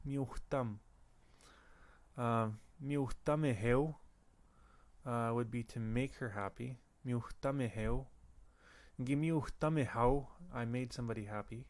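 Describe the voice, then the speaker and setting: A man teaching a language lesson, slowly repeating words and pausing to think. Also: medium pitch. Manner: slow, careful, repeats words with pauses. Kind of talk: recorded audio lesson.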